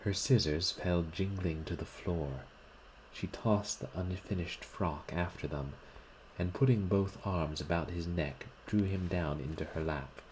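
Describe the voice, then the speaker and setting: A man reading a short story aloud in a measured, deliberate narrating style. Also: sits low, a little mellow, slight background noise, poor audio.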